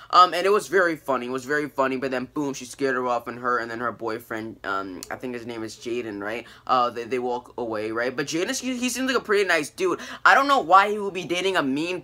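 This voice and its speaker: Rambling bright-voiced teen boy reviewer. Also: fairly high pitch. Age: teens. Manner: rambling, many fillers and restarts, animated quoting. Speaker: TV review vlogger. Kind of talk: casual recap and review.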